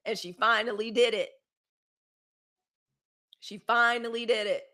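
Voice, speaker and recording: A woman's voice: on the high side, fairly even intonation, measured pace, bright, forceful tone. A woman hosting a live news commentary show, talking in a fiery, emphatic way with repeated phrases. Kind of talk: impassioned livestream commentary.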